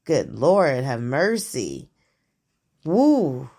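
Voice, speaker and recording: A woman's voice: rumbling low, huge pitch swings, drawn-out words, mellow. A woman hosting her own show, talking through current events in a casual, blunt, profane monologue and laughing often.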